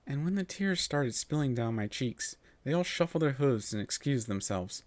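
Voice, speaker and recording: A man narrating a first-person story in an expressive, melodic reading voice. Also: medium pitch, moderate pace, hardly any pauses, no room sound.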